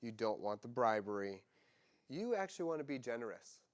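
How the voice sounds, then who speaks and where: A man pastor preaching a sermon, animated and conversational, acting out quoted voices with humor. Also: medium pitch, brisk.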